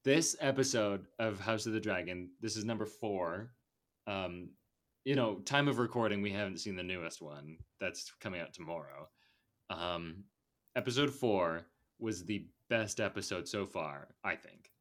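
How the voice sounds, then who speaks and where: A young man with a low-pitched voice co-hosts a casual podcast chat. He talks loosely and jokingly, teasing his friends. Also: lively intonation, measured pace, a bit bright. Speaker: podcast co-host.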